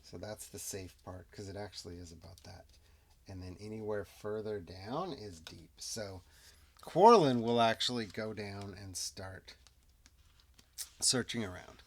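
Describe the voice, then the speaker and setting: Slow, gravelly-voiced man musing over a solo game. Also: fairly low pitch. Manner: muses aloud, drops into muttered whispered asides. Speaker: solo tabletop game player. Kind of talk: casual thinking-aloud game narration.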